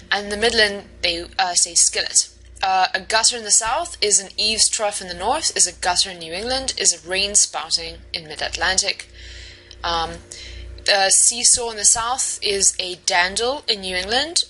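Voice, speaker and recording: A woman's voice: mid-range voice, bright, forceful tone, low-quality recording. A woman instructor giving a recorded online lecture, explaining step by step with frequent ums and restarts. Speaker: university instructor.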